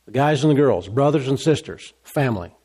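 A man preaching a sermon, emphatic and repetitive, his voice rising high when he gets excited. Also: brisk, breathy edge. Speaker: pastor.

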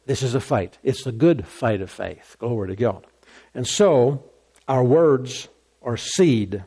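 A man preaching a sermon, emphatic and repetitive, his voice rising high when he gets excited. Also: takes it slowly, slightly rough. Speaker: pastor.

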